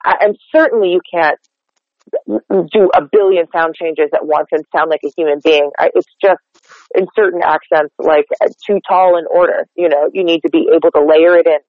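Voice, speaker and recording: An American man working as a dialect coach, explaining his technique in an animated, chatty way and acting out example lines. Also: a little high, moderate pace, dry recording, highs cut off. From United States. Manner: animated, explanatory, demonstrates lines aloud, many fillers like "like". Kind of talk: interview guest explaining technique.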